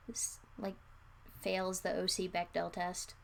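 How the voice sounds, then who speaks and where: A woman's voice: lowish voice, monotone, takes it slowly, creaky. A young woman casually reading her own old fan fiction aloud, mocking her writing as she goes.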